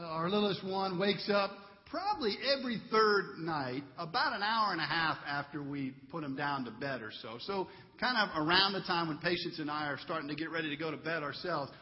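A man in his thirties delivers a sermon in a relaxed, talky way and tells stories about family life. His voice sits high. The recording is dull and muffled, with the long echo of a large church. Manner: conversational preaching with storytelling and a closing prayer. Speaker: pastor.

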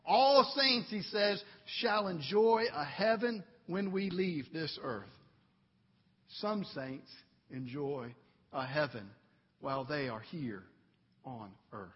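Husky-voiced pastor preaching slowly in a church. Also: male voice, fairly high pitch, long reverb tail, dull audio. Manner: earnest, swells to fervent emphasis. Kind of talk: sermon. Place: church sanctuary.

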